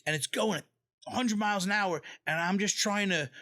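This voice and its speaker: A man, a comedian guest on a podcast, talking fast and ranting with lots of swearing. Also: high voice, sharp tone. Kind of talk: casual chat.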